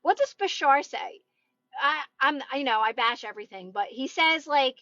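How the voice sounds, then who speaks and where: Woman, high voice, upbeat chatty live-stream coach, dry lo-fi phone sound from a parked car. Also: expressive, normal speed, sharp tone, dry recording. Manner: encouraging, chatty, often asks "right?". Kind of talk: casual live-stream motivational chat.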